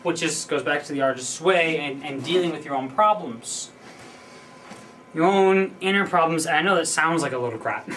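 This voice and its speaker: A man's voice: a little high, brisk, sharp tone. Rambling young man, slightly distant mic. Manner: rambling, thinking aloud with many fillers and restarts. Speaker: vlogger. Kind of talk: unscripted personal monologue. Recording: voice a bit distant from the mic, faint background noise.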